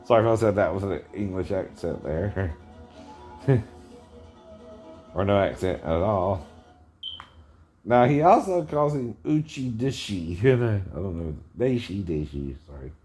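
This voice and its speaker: Slow, low-voiced man chuckling as he rambles. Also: big pitch swings, a little mellow, faint music behind. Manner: chuckles often, keeps asking "right?". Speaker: video commentator. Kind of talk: rambling commentary.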